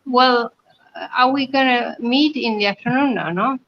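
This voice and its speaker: A woman taking part in an online class, speaking hesitantly and softly in casual chat. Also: on the high side, moderate pace, dull audio. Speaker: class participant.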